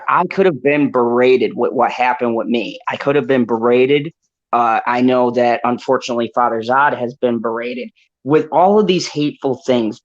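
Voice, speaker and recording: A man hosting a casual panel podcast, impassioned, laughing often and swearing freely. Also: mid-range voice. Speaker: podcast host. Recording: dull lo-fi call audio.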